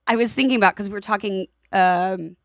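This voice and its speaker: A woman in her forties co-hosting a podcast, casual chat, telling lively anecdotes and acting out the voices in them. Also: medium pitch, a little fast, dry recording, clean studio sound. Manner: animated storyteller, acts out voices in anecdotes. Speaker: podcast co-host.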